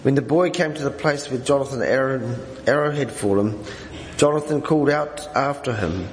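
A man reading scripture aloud during a church service, in a measured, steady way. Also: mid-range voice. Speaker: scripture reader. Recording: echoey hall with faint noise.

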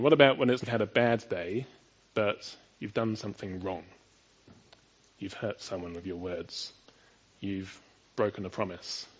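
A man's voice: lowish voice, breathy edge. Man, sermon, rhetorical questions, emphatic, slightly dull sound. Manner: earnest, rhetorical questions, builds to emphatic peaks. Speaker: preacher.

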